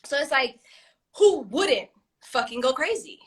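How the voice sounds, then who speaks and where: A woman co-hosting a casual chat, animated and frank, swearing freely and laughing often. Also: high-pitched, unhurried. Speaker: podcast co-host.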